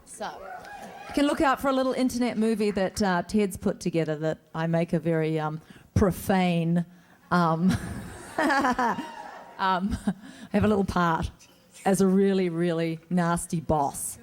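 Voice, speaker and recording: A woman's voice: on the low side, measured pace, slight background noise. A woman answering fan questions as an actor guest at a convention, chatty and self-deprecating, speaking into a stage mic in a large hall. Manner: chatty, joking, self-deprecating, restarts often. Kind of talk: convention Q&A panel.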